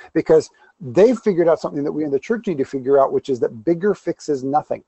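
A man's voice: on the high side, fairly quick, mellow, no room sound, low-quality recording. A man, a pastor guest in an interview, talking candidly and with self-deprecating humor, telling stories with quoted asides. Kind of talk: conversational interview.

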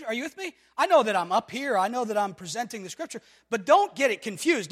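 A pastor delivering a sermon, swinging from shouts to hushed tones and calling back to the congregation with repeated refrains. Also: male voice, very high-pitched. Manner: repetitive rhetorical calls to the congregation. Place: church sanctuary. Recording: long hall reverb from a church.

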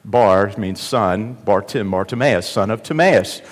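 A man preaching a sermon, telling the story with animated delivery that swings from loud cries to hushed asides. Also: lowish voice, a little slow. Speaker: pastor. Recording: long reverb of a large hall.

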